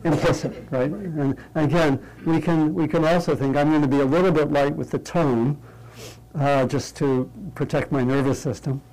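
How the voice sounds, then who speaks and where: A man leading a meditation class in an interactive talk, lighthearted and checking in with the group, thinking aloud through pauses and restarts. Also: on the high side, darkish tone, poor audio. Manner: light, humorous, often checks in with "right?". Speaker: meditation teacher.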